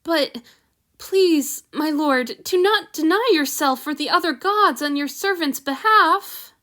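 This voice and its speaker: A woman's voice: high voice, expressive, unhurried. A woman reading the lines of an anxious, deferential male slave attendant, pleading and formal.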